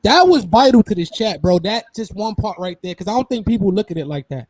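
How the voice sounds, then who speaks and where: A man with a very high voice chats and jokes as a co-host. The sound is close and dry. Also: sing-song, brisk, darkish tone, no room sound. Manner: laughing, joking banter. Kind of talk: casual chat.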